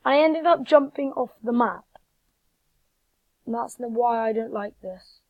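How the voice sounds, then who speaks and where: A woman giving excitable live gameplay commentary, talking straight to her viewers. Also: on the high side, measured pace, no room sound, phone-quality sound. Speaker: gamer.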